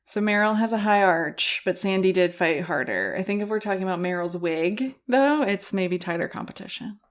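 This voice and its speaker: A woman's voice: mid-range voice, animated, normal speed. Chatty lady guest on a film podcast, lots of likes and laughs. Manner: chatty, laughs a lot, says "like" often. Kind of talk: casual film chat.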